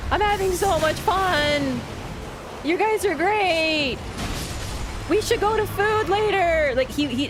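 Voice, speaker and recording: A young woman in her twenties from Canada, casually telling a long story while gaming, chatty and animated with frequent laughter. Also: mid-range voice. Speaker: gaming streamer. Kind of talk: casual storytelling over gameplay.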